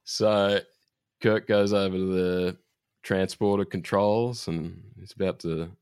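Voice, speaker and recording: A man's voice: low-pitched, steady tone, slow pace, a little mellow, clean tone, no echo. A man co-hosting a podcast, recapping an episode in a laid-back way with dry jokes. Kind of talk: casual chat.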